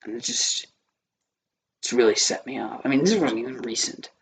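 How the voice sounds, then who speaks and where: Scratchy-voiced man, casual movie reviewer, wanders off topic, profane, gravelly fry, middle pitch. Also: animated, normal speed. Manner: rambling, easily distracted, swears often.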